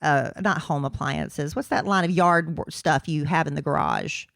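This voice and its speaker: A woman's voice: low voice, normal speed, gravelly, fairly bright tone, no echo, studio quality. A woman from South Carolina co-hosting a podcast, chatting casually and rambling as she searches for words. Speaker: podcast co-host. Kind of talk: casual chat.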